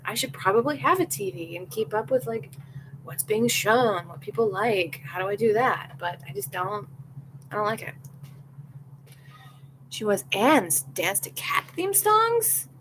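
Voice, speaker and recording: In a casual podcast chat responding to live comments, a young female host speaks candidly and with strong views, often playing out other people's lines. Her pitch is medium, with background noise behind her.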